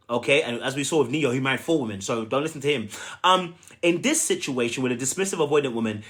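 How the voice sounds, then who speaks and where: A man giving casual dating coaching on a livestream, emphatic and repetitive, often asking the audience if they follow. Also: mid-range voice. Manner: animated, repetitive, emphatic and chatty.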